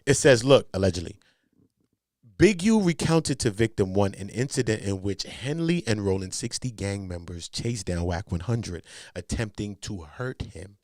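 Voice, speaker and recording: A man hosting a commentary show, talking in heavy slang, emphatic, jumping from loud outbursts to low mutters. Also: lively intonation, normal speed, no room sound, studio quality. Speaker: commentary host. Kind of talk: animated commentary.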